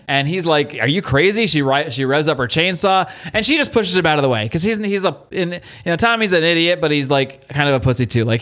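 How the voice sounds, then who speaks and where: A man's voice: a little high, fairly bright tone. A man hosting a podcast, casually and animatedly retelling a comic's plot and swearing now and then. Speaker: podcast host. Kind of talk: casual chat recapping a comic.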